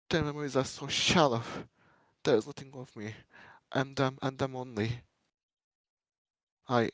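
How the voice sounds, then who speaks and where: A man giving a dramatic reading of fan fiction, a first-person monologue, swinging between menacing loud lines and hushed pleading ones. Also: mid-range voice, fairly even intonation, measured pace, long pauses, no room sound, poor audio.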